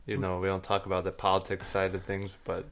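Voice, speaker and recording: Low-voiced American man, blunt and swearing. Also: completely flat delivery, quick pace, a bit bright. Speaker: podcast co-host. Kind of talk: casual podcast chat.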